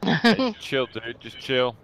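A British man chatting casually with friends while streaming a game, animated and quick to exclaim. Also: mid-range voice.

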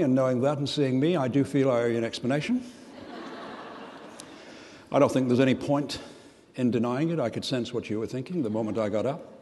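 An older man giving a humorous keynote speech, with a deadpan, self-deprecating delivery. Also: mid-range voice, big-room sound. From Australia. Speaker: keynote speaker. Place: large conference hall.

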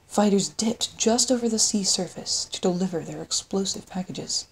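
Woman, audiobook narrator, low voice, dark tone, husky, scripted narration. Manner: steady storytelling read.

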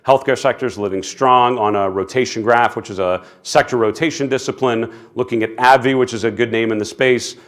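A man's voice: mid-range voice, fairly even intonation, a little fast, few pauses. A middle-aged man giving a conversational presentation as a market strategist, chatty and self-deprecating, with many fillers and restarts.

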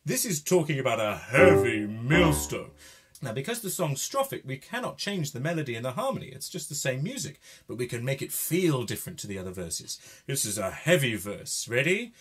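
A man's voice: mid-range voice, sing-song, fairly quick, fairly bright tone. A man leading a group singing lesson, coaching and encouraging his singers. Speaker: singing workshop leader. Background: piano playing.

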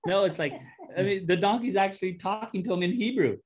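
A man's voice: high-pitched, fast, highs cut off. A man teaching a Bible study, reading scripture aloud and stopping to joke and explain it in a casual way.

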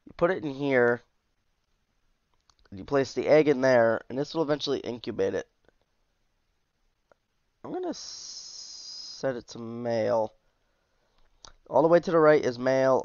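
A man's voice: medium pitch, darkish tone, clear, resonant tone, no room sound, dull audio. Tired, chatty man reviewing a game mod. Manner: chatty, easygoing, with asides and trailing off. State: tired, yawning. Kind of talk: casual gameplay commentary.

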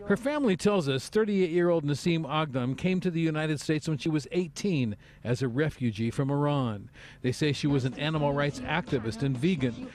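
A man delivering a measured, formal news field report outdoors on a residential street. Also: on the high side.

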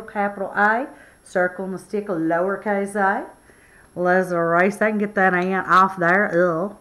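A woman's voice: fairly low pitch, a bit bright. A woman teaching a children's phonics lesson in a playful, encouraging, sing-song way.

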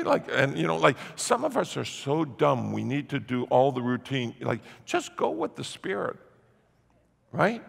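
A man preaching as a pastor, telling a lively personal story in a sermon and acting out the people in it. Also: medium pitch, moderate pace, gravelly, husky. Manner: animated storyteller acting out quoted voices. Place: church sanctuary. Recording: church hall reverb.

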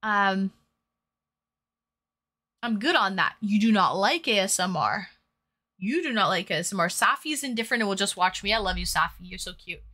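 A woman's voice: mid-range voice, expressive, moderate pace, pauses often, pushed and bright. A woman hosting a live stream in casual chat, reading viewers' messages aloud and answering them.

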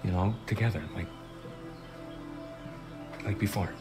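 A man's voice: on the low side, steady tone, a little slow, loud music behind the voice, lightly acted. A young man voicing a sulky, guilt-ridden camp counselor in a video game, talking defensively and then apologizing. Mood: apologetic.

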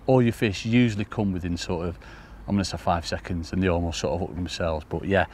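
A man giving excitable, casual commentary to viewers while fishing by a lake. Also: low-pitched, quick pace, a little hiss or hum. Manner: chatty, excitable, talks to viewers as folks. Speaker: angler demonstrating fishing. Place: outdoors by a lake.

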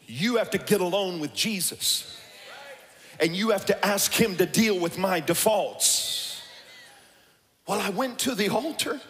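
A man with a high voice preaching to his congregation, swinging from conversational asides into shouted, sing-song runs. His voice rings out with the long reverb of a church hall. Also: unhurried, pauses often. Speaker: pastor. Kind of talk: sermon. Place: church sanctuary.

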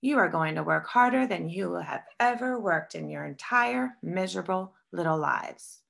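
A stern older schoolteacher who barks her orders in a Southern accent, as a woman reading aloud puts her on. The voice is gravelly, with a lot of fry underneath, and she sounds sharp and commanding. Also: lowish voice, animated, normal speed, full character voice. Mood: threatening. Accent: Southern American. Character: stern strict older female teacher, barking.

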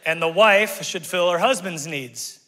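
Animated pastor preaching in a reverberant church. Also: male voice, high voice, a little slow. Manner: animated, conversational preaching with asides to the congregation. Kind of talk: sermon. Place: church sanctuary. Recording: long church hall reverb.

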